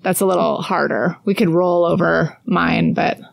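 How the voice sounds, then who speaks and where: A middle-aged woman co-hosting a podcast, telling stories in a casual chat with animated, high-pitched impressions. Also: normal speed, vocal fry, no echo. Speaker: podcast co-host.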